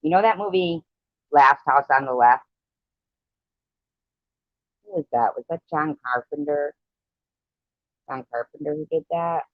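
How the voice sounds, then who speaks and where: A woman's voice: sits low, measured pace, pauses often, no echo. Rambling woman on a dull lo-fi live stream. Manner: rambling, chatty movie reminiscing. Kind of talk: casual chat.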